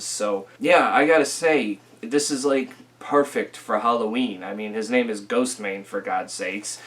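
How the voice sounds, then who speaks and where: A young man giving a casual, rambling album review, full of fillers and restarts, a little rough from a recent illness. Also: on the low side, fairly bright tone. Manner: rambling, filler-heavy, self-correcting. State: recovering from illness, occasional coughing.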